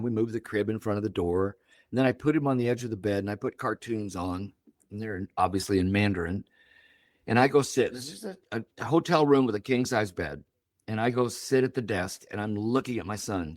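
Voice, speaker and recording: An older man, a podcast guest, telling a deeply personal story with feeling, acting out the other people's words as he goes. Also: fairly quick, dry recording, studio quality. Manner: emotional, animated storytelling with voiced quotes.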